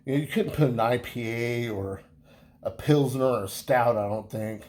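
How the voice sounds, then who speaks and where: Man, casual beer review vlog, rambling, chatty, lots of ums and restarts, mid-pitched voice. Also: moderate pace, darkish tone. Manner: rambling, full of fillers and restarts; easygoing, chatty.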